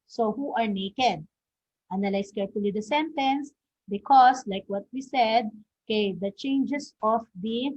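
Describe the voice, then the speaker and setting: A woman's voice: mid-range voice, darkish tone, breathy edge. A woman teacher, giving a recorded English lesson, sprinkling "okay" throughout and quizzing her listeners. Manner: peppers sentences with "okay", quizzes listeners with questions. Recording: dull lo-fi recording.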